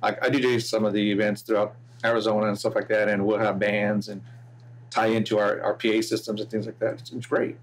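A man's voice: fairly low pitch, little pitch movement, a little fast, slight background noise. A middle-aged man, a DJ being interviewed, talking in an easygoing, casual way with lots of "you know" fillers. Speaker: DJ guest.

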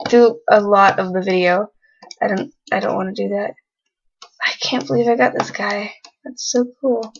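A woman's voice: medium pitch, steady tone, moderate pace, vocal fry, dull audio, slight background noise. A young woman casually commenting on a life-sim game she is playing and talking to its characters in a teasing way. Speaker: let's play gamer.

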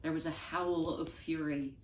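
A woman reading a children's book aloud in an expressive, unhurried way. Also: low voice, a little hiss or hum. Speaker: storyteller. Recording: roomy, distant mic.

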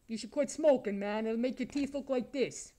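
A man's voice: very high voice, moderate pace, warm tone. A man voicing a crude, lonely, self-admiring male creature with razor teeth, taunting strangers in an improvised comedy video chat.

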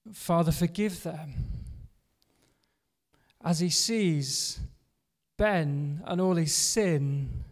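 A male pastor delivers an earnest sermon in a slightly high voice, returning again and again to a hushed refrain. The sound carries the long reverb of a church hall. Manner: earnest, repeating a refrain with drops to a soft hush.

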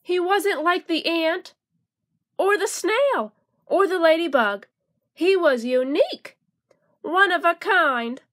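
A woman reading a children's storybook aloud in a slow, gentle, expressive way. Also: very high voice.

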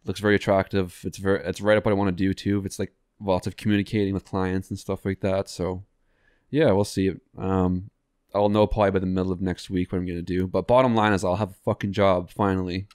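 A young man in his twenties chatting casually on a podcast, halting and rambling with lots of fillers and restarts. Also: deep voice, level tone, darkish tone, clean tone, no echo, clean studio sound. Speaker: podcast co-host. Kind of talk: casual chat.

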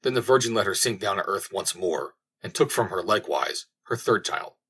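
A man narrates an old fairy tale in a steady, measured way. His voice sits fairly low and has a husky edge. It sounds like a home audiobook recording. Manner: measured storytelling reading.

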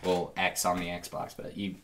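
A young man guesting on a casual podcast, excitedly retelling game moments and acting out the characters' lines. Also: deep voice, moderate pace. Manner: animated storytelling, acting out game lines with laughs.

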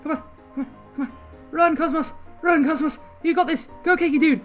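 Excitable woman commentating a game. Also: sits high, fairly quick. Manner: excitable, shouts and repeats words at setbacks. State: slightly hoarse. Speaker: gaming channel host. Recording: faint background music.

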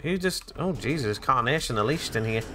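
A man's voice: medium pitch, expressive, normal speed, noisy background. A man hosting a let's play video, chatting and joking his way through a game and talking to the characters. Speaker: gaming channel host.

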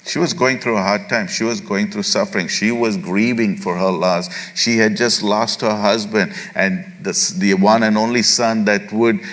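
A man with a very low voice preaches a sermon from the pulpit. He retells a scripture story, often breaking off and restarting mid-phrase and acting out the quotes. The sound carries the long reverb of a church sanctuary. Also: steady tone, normal speed, hardly any pauses, fairly bright tone. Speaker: pastor.

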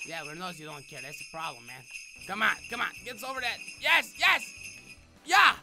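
A man giving excitable game commentary in deliberately broken English, often shouting and swearing, with music playing under his voice. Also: high voice, vocal fry. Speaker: gaming commentator. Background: background music.

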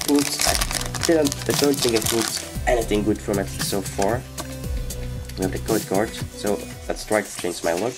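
Deep, slow-talking man with a sick voice. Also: rough recording. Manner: unhurried, reads out each card name in turn. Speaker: card-opening channel host. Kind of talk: casual unboxing commentary. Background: background music.

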